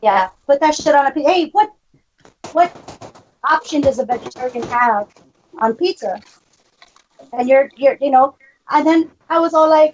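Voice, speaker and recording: A woman's voice: high voice, lively intonation, moderate pace, pauses often, darkish tone. A woman co-hosting a podcast in casual chat, brash, boisterous and swearing freely. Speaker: podcast co-host. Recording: dull lo-fi call audio.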